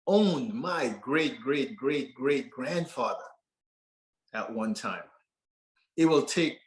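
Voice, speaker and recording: A Canadian man with a mid-range, fairly bright voice tells a personal story from a stage. He sounds earnest and conversational and laughs now and then, with roomy auditorium echo around him.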